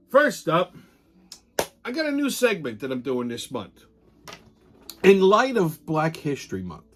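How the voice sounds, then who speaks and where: A man hosting a comedic weekly wrap-up show and ranting in a profane, blustering way. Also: medium pitch. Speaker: host. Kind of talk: comedic rant.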